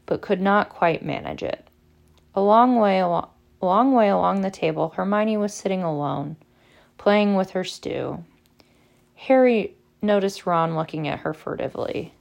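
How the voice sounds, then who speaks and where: A woman narrating an audiobook in a measured, expressive way. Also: fairly low pitch, vocal fry.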